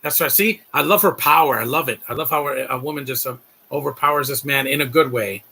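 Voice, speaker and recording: A man's voice: medium pitch, brisk, creaky, pushed and bright, slight background noise. A man doing casual live-stream commentary on a film, gushing and rambling as he talks to his chat.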